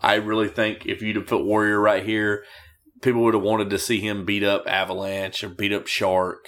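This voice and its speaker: A man co-hosting a casual chat about wrestling matches, animated and profane as he rants and jokes. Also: on the low side, moderate pace. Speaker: podcast co-host.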